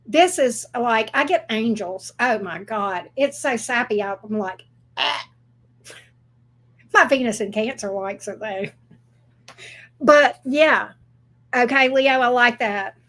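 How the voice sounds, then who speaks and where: A woman hosting a casual tarot reading, chatty and easily excited, with the odd swear word thrown in. Her voice sits high, and she talks at an unhurried pace. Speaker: tarot reader.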